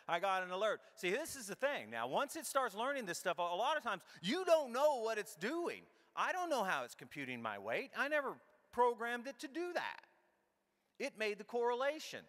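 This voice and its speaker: Middle-aged male keynote speaker, comedic storyteller, bright and punchy, big hall echo. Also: sits high, moderate pace. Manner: animated and irreverent, acts out his own thoughts. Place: large conference hall. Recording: long hall reverb.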